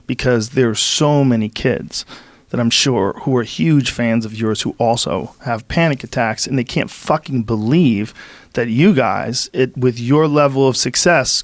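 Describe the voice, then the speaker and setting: Male host, mid-pitched, sincere and emphatic, close dry mic. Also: no room sound. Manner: earnest, emphatic, swears. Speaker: podcast host. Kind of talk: casual chat.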